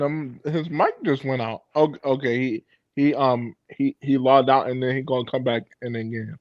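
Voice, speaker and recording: A man's voice: mid-range voice, steady tone, moderate pace, dry recording. A man co-hosting a casual livestream chat, stammering and repeating his words. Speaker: livestream co-host. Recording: muffled lo-fi mic.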